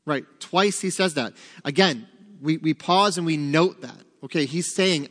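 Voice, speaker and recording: A man's voice: fairly high pitch, a little slow, few pauses, fairly bright tone, long reverb tail. A man leading a Bible study, asking his listeners questions and then answering them himself. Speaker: Bible teacher. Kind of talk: interactive Bible study teaching.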